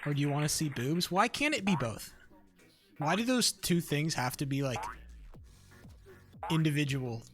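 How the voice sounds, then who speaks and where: A young man streaming a game live, talking to his chat in a casual, profane and excitable way. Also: a little high, normal speed, pauses often, music in the background. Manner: profane, excitable, talks to chat between bursts of laughter.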